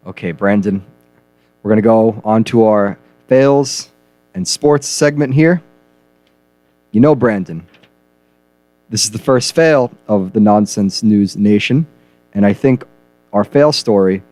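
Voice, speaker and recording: A man co-hosting a comedy news radio show, reading stories and giving dry, deadpan reactions. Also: on the low side, measured pace, pauses often, no echo.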